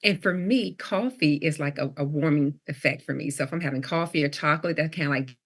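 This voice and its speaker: A woman's voice: sits low, brisk, breathy edge. A middle-aged woman, a leadership coach, telling a story as a podcast guest and acting out the dialogue with animation. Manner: animated storyteller who acts out quoted dialogue.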